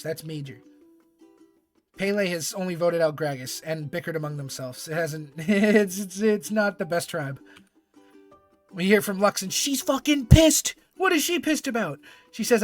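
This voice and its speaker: A man's voice: sits high, lively intonation, normal speed, soft background music. A man hosting a live stream, joking, laughing and swearing as he walks through an episode. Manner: profane, joking, laughs often. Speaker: streamer host. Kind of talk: casual live-stream commentary.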